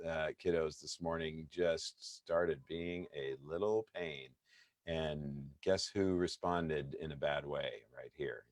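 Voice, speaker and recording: A man in his thirties with a very low voice gives a casual devotional as a pastor. He rambles in a relaxed way, full of fillers and restarts. The sound is dry and close. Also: no room sound. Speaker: pastor hosting a Bible study.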